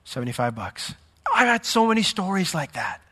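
A man preaching a sermon as pastor, in a conversational way with joking asides and sudden jumps in pitch. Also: big pitch swings, moderate pace, sharp tone, slightly rough. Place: church sanctuary. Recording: long hall reverb.

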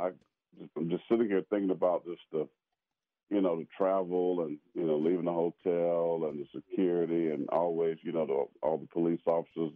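Man, very deep voice, halting and reflective, tinny phone-line sound. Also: dry recording. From South Carolina, USA. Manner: halting, many restarts and fillers. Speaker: pastor and former pro football player. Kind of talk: casual conversation.

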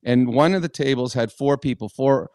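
A middle-aged man co-hosting a podcast, telling a story in a lively, animated way and loudly acting out the people he quotes. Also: medium pitch, normal speed, smooth, dry recording, clean studio sound. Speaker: podcast co-host, former hockey player. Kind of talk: casual storytelling chat.

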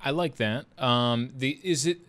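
A man's voice: medium pitch, measured pace, a bit bright. A man co-anchoring a morning news segment, rambling in casual banter with lots of fillers.

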